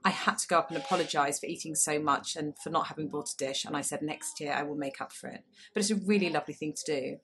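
A woman in her thirties co-hosting a podcast, telling stories in an animated, self-mocking way. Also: low-pitched, fast talker, slight background noise. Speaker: podcast co-host. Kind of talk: casual chat. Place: small public toilet.

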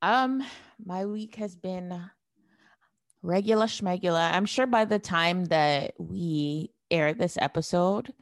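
Woman in her thirties, co-host, slightly low voice, candid and heartfelt, dry sound. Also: takes it slowly, no room sound. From Ontario, Canada. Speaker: podcast co-host. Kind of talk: casual chat.

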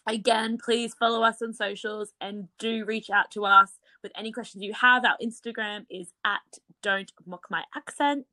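A young woman with an Australian accent softened by a British twang, co-hosting a podcast in giggly, casual chat full of "like". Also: mid-range voice, fairly even intonation, normal speed, few pauses. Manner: chatty, giggly, lots of "like". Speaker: podcast co-host.

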